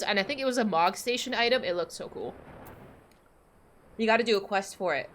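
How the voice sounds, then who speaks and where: While streaming a game, a woman in her forties chats casually with her viewers, rambling, gushing and laughing often. Her voice sits in the mid-range with a slightly bright quality.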